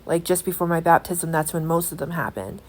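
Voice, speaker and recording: Woman, lowish voice, earnest vlog testimony, halting with fillers. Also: steady tone, darkish tone. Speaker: vlogger.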